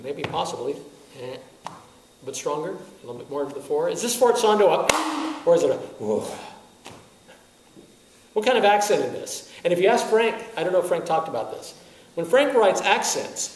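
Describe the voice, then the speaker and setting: A man, a wind band conductor, lecturing music teachers and firing off rhetorical questions with frequent chuckles. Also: high-pitched. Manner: animated, asks many rhetorical questions; chuckles often. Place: lecture room at a teaching workshop. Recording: echoey room, heard from a distance, faint hiss.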